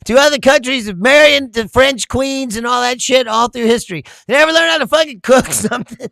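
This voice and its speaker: A man's voice: extremely high pitch, fairly quick, gravelly, fairly bright tone, no echo. A man hosting a casual livestream, reading viewer comments aloud, laughing often and swearing freely. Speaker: livestream host.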